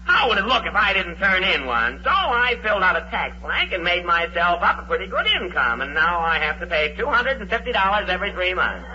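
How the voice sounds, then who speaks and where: A lazy freeloading brother-in-law who wheedles sheepishly and hesitates over his words. His voice is bright and lively in pitch. The old radio recording is dull, with faint hiss. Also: brisk, few pauses, exaggerated voice. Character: idle freeloading brother-in-law, young man.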